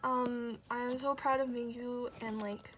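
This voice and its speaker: A woman's voice: fairly high pitch, steady tone, unhurried, heavy background noise. A woman chatting casually through an unboxing, gushing with frequent gasps and squeals. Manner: gushing, gasping and squealing often. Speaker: unboxing vlogger. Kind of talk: excited casual unboxing chat.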